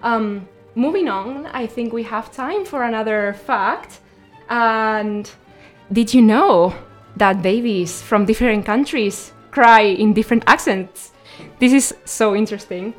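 A woman's voice: a little high, measured pace, soft background music. A young woman hosting a radio show, chatting casually and sharing facts between songs. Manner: chatty, explaining facts informally.

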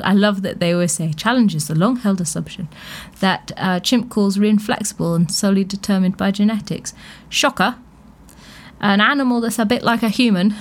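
A woman hosting a radio show, chatting casually with frequent laughs and thinking aloud. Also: fairly high pitch. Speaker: radio host.

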